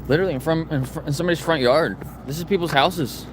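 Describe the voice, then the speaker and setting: A man's voice: on the high side, quick pace. A man talking earnestly to his livestream viewers while walking and filming outdoors on a residential street, speaking into a handheld phone. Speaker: animal rights activist livestreamer. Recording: street traffic noise behind.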